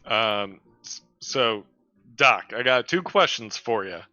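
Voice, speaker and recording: A male tabletop player with a bright voice and lively pitch. He asks wary, pointed questions, on a dull, dry recording. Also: slow, no room sound, soft background music.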